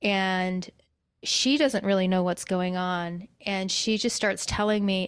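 A woman's voice: medium pitch, slow, clean tone, no room sound, clean studio sound. Woman sharing a personal story. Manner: emotional, confessional, many fillers. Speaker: guest.

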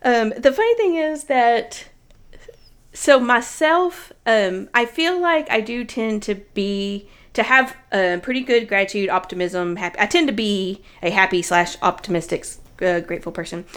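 A woman in her thirties co-hosting a casual chat, talking in a chatty, animated way and laughing often. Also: a little high, normal speed, smooth.

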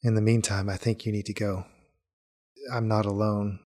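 A man voicing an earnest young man who is bound by duty to his family, speaking in a subdued, measured way. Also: on the low side, level tone, darkish tone, natural voice. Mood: solemn.

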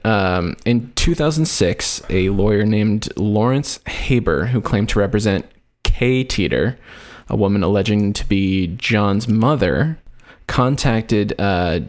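Male podcast host, somewhat deep, loose rambling storyteller. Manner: rambling, many fillers like "like" and "um". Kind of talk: casual chat.

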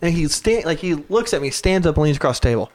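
A man's voice: a little high, animated, quick pace, a little mellow. A young man telling a rowdy drinking story in casual chat, laughing often and swearing freely.

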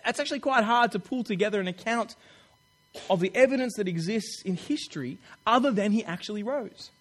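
Aussie guy giving a sermon, lively and jokey, acts out bits. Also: high voice, brisk. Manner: chatty, animated, acts out quotes with laughs. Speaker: preacher.

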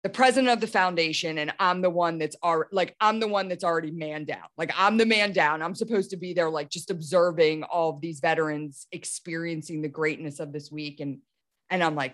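Animated woman host, lower voice. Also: fairly quick. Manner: animated, restarts often, lots of "like". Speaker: podcast host. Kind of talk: casual storytelling conversation.

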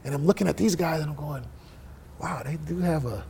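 Gravelly middle-aged man telling stories. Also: a little high, a little fast. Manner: profane, animated storyteller who acts out quoted dialogue. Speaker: interview guest, musician. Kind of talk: casual storytelling interview.

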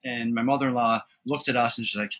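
Dad in his 30s telling funny family stories, bright clear voice, gets loud and laughy. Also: mid-range voice, fairly even intonation, fast. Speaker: guest, father and trainer. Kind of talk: casual storytelling.

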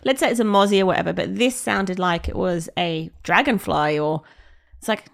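A woman's voice: lowish voice, creaky. A woman co-hosting a podcast, telling a story with lots of laughter in casual chat. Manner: laughing storyteller, quick and expressive. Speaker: podcast co-host.

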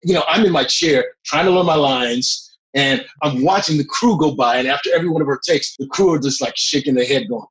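A middle-aged man, a guest actor, telling a long behind-the-scenes story in a lively way, often breaking into laughs. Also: on the high side, a little fast, rough recording. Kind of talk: anecdotal storytelling.

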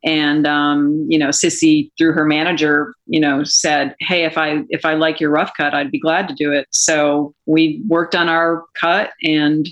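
Lower-voiced woman telling a story. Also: a little slow, hardly any pauses, muffled recording. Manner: animated anecdotal storytelling, laughs often. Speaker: documentary filmmaker. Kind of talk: interview storytelling.

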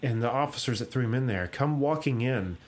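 A young adult man hosting a podcast, casually retelling a comic with laughs and quick voiced-out lines. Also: medium pitch, expressive. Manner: rambling, laughs often, acts out quoted lines. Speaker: podcast host.

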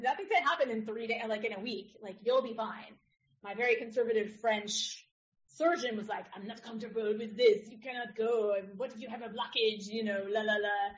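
A middle-aged woman, a podcast guest, telling a personal story in a casual, animated way and acting out the other people in it. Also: fairly high pitch. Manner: animated, acts out others' voices in her story. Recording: dull lo-fi audio.

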